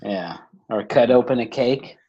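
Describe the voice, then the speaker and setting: A man co-hosting a casual comedy chat, laid-back and quick to chuckle as he tells a story about his kids. His voice sits at an everyday middle pitch. The recording sounds somewhat dull and lo-fi. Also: dark tone, slightly rough. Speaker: podcast co-host.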